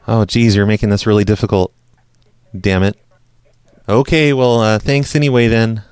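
A man's voice: on the low side, fairly even intonation, normal speed, a little mellow, smooth, dry recording. A man hosting a prank-call show, talking casually with lots of fillers and making phone calls. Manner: rambling, chatty, many fillers.

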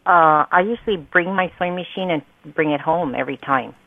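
A woman's voice: low-pitched, brisk, gravelly, no echo. Puzzled woman on a tinny phone line. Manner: polite, puzzled, patient. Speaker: prank call target. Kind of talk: phone conversation.

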